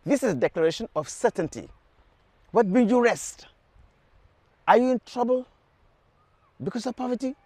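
A man's voice: extremely high pitch, animated, normal speed, pauses often, warm tone, no room sound. A man leading a televised prayer sermon, urging viewers with fervent repeated calls. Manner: fervent, repetitive exhortations to the viewer. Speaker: preacher.

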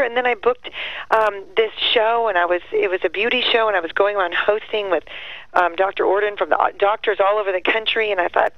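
A middle-aged woman guest tells her stories with lively energy and swings her pitch high when she quotes others. Her voice comes over a muffled phone line, dry and close. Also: a little fast, no echo. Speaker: guest, actress and singer. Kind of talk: animated storytelling interview.

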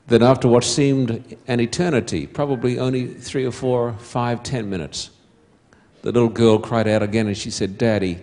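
A man preaching a sermon to a congregation, telling a story slowly and deliberately, dropping to a hushed voice at quiet moments. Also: on the low side, fairly even intonation.

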